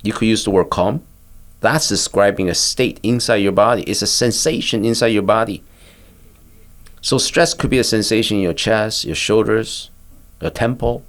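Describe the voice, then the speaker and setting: Older man, gravelly calm teacher. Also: on the low side. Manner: calm, patient, instructive, with pauses. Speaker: physician and therapist guest. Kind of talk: guiding a mindfulness exercise in conversation.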